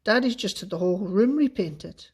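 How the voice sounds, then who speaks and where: A man voicing an eager, worried young boy in a storybook reading, talking in an excited, pleading way. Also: high-pitched, moderate pace, husky, exaggerated voice. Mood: urgent.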